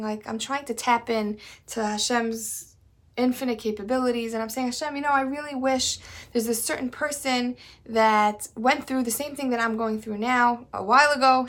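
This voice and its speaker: A woman's voice: fairly high pitch, fairly even intonation, normal speed, a bit bright. A woman, teaching a weekly Psalms class in an earnest, conversational way, using Hebrew terms. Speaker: Torah teacher.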